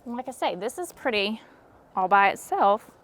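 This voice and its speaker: A woman's voice: mid-range voice, big pitch swings, normal speed, noisy background. A woman chatting casually while she makes a flower arrangement at home, with a jokey, self-deprecating manner. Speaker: craft vlogger. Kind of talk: casual how-to narration. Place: home indoors.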